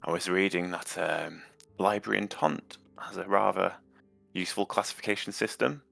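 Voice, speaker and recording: A man's voice: sits low, moderate pace, vocal fry, fairly bright tone, faint music behind. A man playing his character in a tabletop game, mild and hesitant. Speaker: player.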